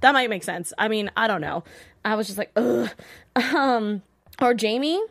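A woman with a fairly high voice hosts a casual recap of a TV episode, chatting freely and filling her talk with "like." She is animated and keeps slipping into the voices of the characters she describes. The sound is close and dry. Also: normal speed, creaky, no room sound. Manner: animated, acts out characters' lines in a swinging voice; chatty, peppered with "like". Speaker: host.

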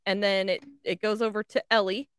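A woman's voice: mid-range voice, level tone, clear, resonant tone, no echo, clean studio sound. A woman co-hosting a podcast, casually recapping an episode's plot and swearing as she tells it. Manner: slow, profane storytelling. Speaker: podcast co-host.

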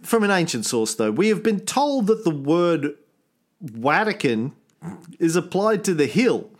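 A man's voice: a little high, sing-song, measured pace. A man hosting a casual history podcast, explaining at length, reading quotes aloud and joking. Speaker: podcast host telling Roman history.

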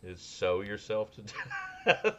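A man co-hosting a podcast in casual comedic chat, riffing sardonically on absurd dark jokes and laughing often. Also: fairly low pitch, huge pitch swings, slow, highs cut off. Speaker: podcast co-host.

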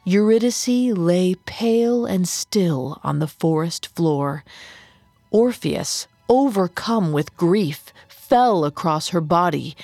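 A woman narrating a myth in measured, dramatic scripted storytelling. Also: on the low side, dark tone, no room sound.

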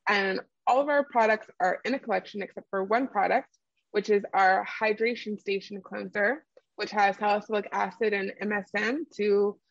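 A woman's voice: medium pitch, fairly even intonation, moderate pace, dry recording, lo-fi sound. A woman who founded a skincare brand, explaining her products in an interview with lots of fillers and easy laughs. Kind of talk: conversational interview answers.

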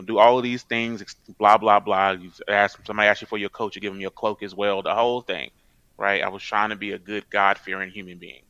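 A man's voice: on the low side, creaky, pushed and bright, dry recording, lo-fi sound. A man co-hosting a podcast, chatting casually and telling stories in a blunt, profane way. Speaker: podcast co-host. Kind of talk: casual chat.

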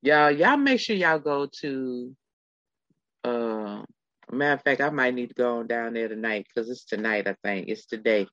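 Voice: mid-range voice, animated, moderate pace, fairly bright tone, no room sound. A middle-aged podcast host telling a story in casual chat, talking straight to the listeners. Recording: slightly dull lo-fi sound.

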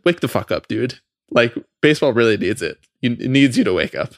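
A man co-hosting a podcast, ranting in a fast, profane, exasperated way about something that annoys him. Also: mid-range voice, big pitch swings, no echo, clean studio sound. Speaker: podcast co-host. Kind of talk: heated casual podcast rant.

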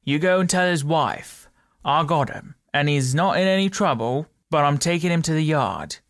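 A burly bobby, barking orders in a loud, raised voice that climbs high when he shouts, as a man puts him on. Gravelly edges run through it, and the recording is dry and close. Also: lively intonation, normal speed, dry recording. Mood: commanding. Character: burly London police constable, brisk and commanding.

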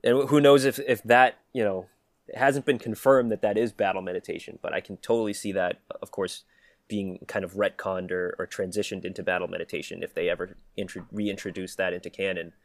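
A man's voice: sits low, little pitch movement, brisk, dry recording. Enthusiastic man with a dry, close sound. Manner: enthusiastic, laughing. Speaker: podcast co-host. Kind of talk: casual fan discussion.

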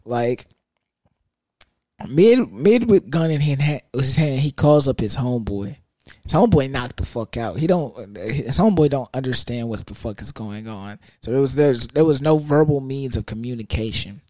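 A young man telling a casual story in an animated, profane, rambling way. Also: medium pitch, normal speed, dry recording, clean studio sound.

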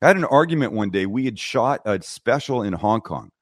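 A middle-aged man with a voice on the low side talks fairly quickly as a guest in a casual interview; he hosts cooking shows on TV and YouTube. Recorded on a studio microphone in a podcast studio with no room sound and studio quality, he tells stories bluntly and animatedly, performing the people's dialogue.

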